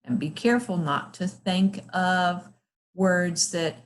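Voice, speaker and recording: Woman, phonics teacher, very slow careful delivery, slightly low voice, encouraging. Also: fairly even intonation. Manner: patient, encouraging, sounds out letters slowly. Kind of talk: slow, clear teaching to young children.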